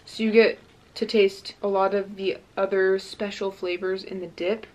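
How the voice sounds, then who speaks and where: A woman's voice: medium pitch, normal speed. Bubbly young woman vlogging over snacks. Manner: bubbly, excitable, says "like" often. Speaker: mukbang vlogger. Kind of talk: casual eating vlog chat.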